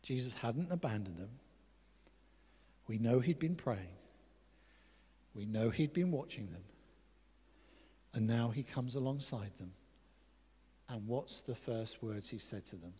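A pastor preaching a sermon, swinging between loud animated exclamations and hushed, softly spoken quoted words. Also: male voice, medium pitch, unhurried, long pauses, breathy edge. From England. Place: church hall. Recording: long church hall reverb.

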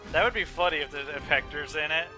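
Young guy hosting a game let's play, joking around, kinda high bright voice. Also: fast. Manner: joking, chatty, laughs easily. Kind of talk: casual gameplay commentary. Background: faint game music.

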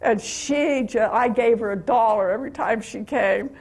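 A woman's voice: fairly high pitch, moderate pace, a little mellow. An older American woman telling stories of her mission trip to a church meeting, chatty and laughing often. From USA. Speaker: guest speaker.

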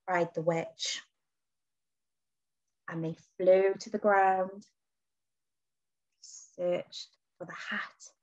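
A woman teacher reading a picture book aloud to children, with big leaps in pitch on key words. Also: level tone, extremely slow, pauses often, highs cut off.

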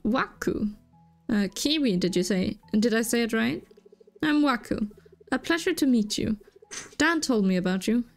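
A woman's voice: a little high, expressive, a little slow, creaky, soft background music. A woman reading aloud the lines of a friendly, curious island villager in a video game. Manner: reads the dialogue box aloud.

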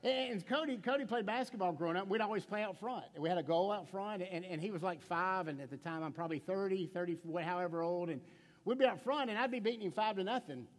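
A man's voice: high-pitched, fast, big-room sound. A middle-aged man pastor preaching a sermon in a conversational way, with stammered restarts, rhetorical questions and playful stories. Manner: playful storytelling with acted quotes. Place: church sanctuary.

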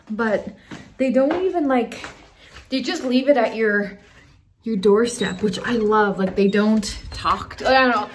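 A woman's voice: fairly high pitch, unhurried, a little hiss or hum. A young woman from Canada chatting casually to her vlog camera from her car, laughing often and trailing off. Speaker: vlogger.

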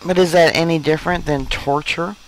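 A man's voice: on the high side, fairly even intonation, fairly quick, slight background noise, low-quality recording. A man reading news stories aloud and breaking off to give his own blunt opinions. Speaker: news reader and commentator. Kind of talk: reading news with personal commentary.

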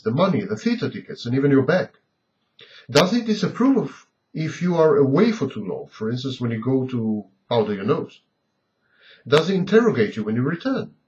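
A man's voice: mid-range voice, darkish tone. A man giving a scripted lecture on abusive partners, asking a long string of pointed rhetorical questions. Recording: dull lo-fi recording.

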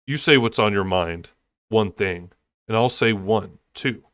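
A man voicing a soft-spoken winged fae lord. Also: lowish voice, a little slow, no echo, clean studio sound. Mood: coaxing.

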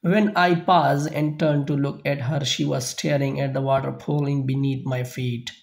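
A man narrating a novel in the first person as an audiobook reader, halting at times with small slips and restarts. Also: medium pitch, level tone, creaky.

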